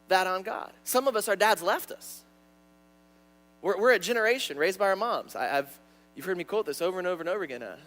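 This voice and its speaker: A young man preaching a sermon in a church, animated and stuttering, often repeating words. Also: high voice. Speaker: pastor. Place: church sanctuary.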